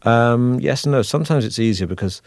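A man's voice: medium pitch, fairly quick, darkish tone, no echo. A man with a Manchester accent, an actor chatting in an interview in a wry, self-deprecating way that rambles with restarts. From Manchester, northern England. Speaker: actor guest. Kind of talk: relaxed interview chat.

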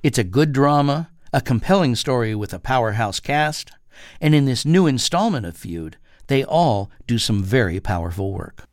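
A man reviewing a television drama for a radio show, measured and enthusiastic. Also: medium pitch, lively intonation, no echo, clean studio sound, soft background music. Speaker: TV critic. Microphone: studio mic.

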